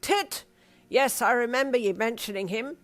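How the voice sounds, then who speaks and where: A woman voicing a playful elderly grandfather with a shrill, warbly voice, calling out loudly. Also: normal speed, lightly acted. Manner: loud, calling out from afar.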